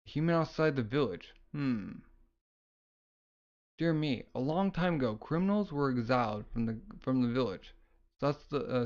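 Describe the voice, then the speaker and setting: Man, casual comic read-aloud, rambling, fillers, middle pitch, muffled lo-fi sound. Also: darkish tone. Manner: loose, rambling, many fillers.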